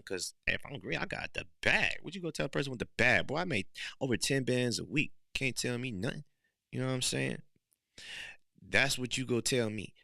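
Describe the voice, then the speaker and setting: A man hosting a podcast, talking in a casual motivational monologue full of street slang, now and then rising into loud emphatic bursts. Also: fairly low pitch, gravelly, smooth, no echo, studio quality. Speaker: podcast host.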